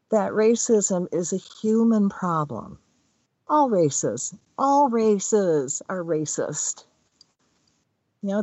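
A woman's voice: medium pitch, a little mellow, no echo. A chatty woman energy healer talks in a loose, rambling way, her voice swinging up and down as she tells her stories. The sound is dull and dry, with no room around it. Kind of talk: casual spiritual talk. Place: Hawaii.

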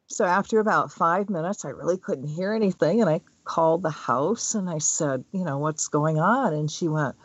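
Middle-aged woman, spiritual speaker, animated storyteller who laughs as she talks; mid pitch, dry, slightly dull recording. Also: moderate pace, no room sound. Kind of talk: casual spiritual talk with personal stories.

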